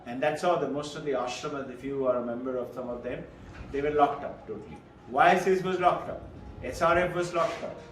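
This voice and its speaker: A man's voice: mid-range voice, fairly quick. A man giving a Vedanta lecture as a spiritual teacher, earnest and storytelling, repeating phrases for emphasis. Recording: roomy echo, distant mic, faint hiss.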